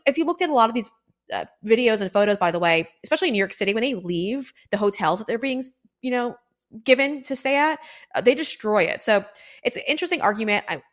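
A woman's voice: medium pitch, a bit bright. A woman hosting a political talk show, speaking in an emphatic conversational way with many fillers. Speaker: show host. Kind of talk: opinionated political commentary.

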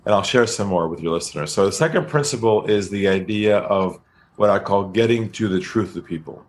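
A man being interviewed as a sales trainer, telling stories in a calm, deliberate way. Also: lowish voice, slight background noise. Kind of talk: podcast interview storytelling.

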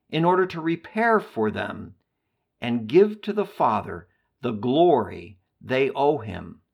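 Man, devotional reader, solemn, unhurried, lively melody. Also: mid-range voice. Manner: slow, solemn and measured. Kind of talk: prayerful devotional reading.

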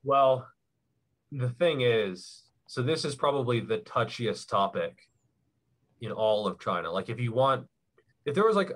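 A young man explaining things in a relaxed, rambling way, with lots of fillers, as a podcast guest. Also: mid-range voice, a little slow. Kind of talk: casual chat.

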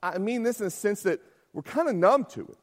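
A man's voice: high-pitched, lively intonation, a little fast. A man preaching a sermon as pastor, talking conversationally, often asking "right?" and acting out quotes.

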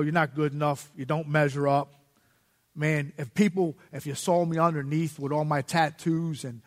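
A man gives his testimony from the pulpit in a relaxed, plain-spoken way, slipping into street slang and chuckling at himself. His voice sits a little high for a man. The sound carries a long echo from the church sanctuary. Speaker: guest speaker giving testimony in church. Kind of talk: sermon testimony. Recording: long reverb of a church hall.

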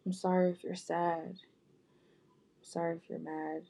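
Gravelly, dark-voiced woman offering heartfelt apologies. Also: on the low side, little pitch movement, takes it slowly. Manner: gentle, soft-spoken, repetitive, with frequent restarts. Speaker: vlogger. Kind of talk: heartfelt spoken apology to viewers.

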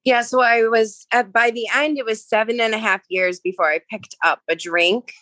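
A woman's voice: on the high side, steady tone, normal speed, sharp tone, dry recording. A woman in her thirties, a podcast guest telling her personal recovery story in an earnest, confessional way. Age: 30s.

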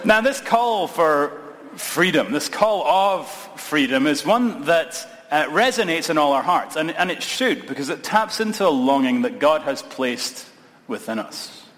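A man's voice: on the high side, lively intonation, unhurried, fairly bright tone. A man with a Scottish accent, a pastor giving a sermon in a conversational, lightly humorous way. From Scotland. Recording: long reverb of a large hall.

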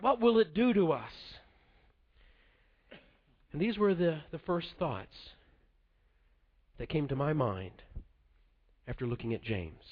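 Male preacher, slightly high voice, measured and earnest, dull lo-fi recording. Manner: measured, earnest delivery dropping soft at the close. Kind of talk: sermon. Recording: dull lo-fi sound.

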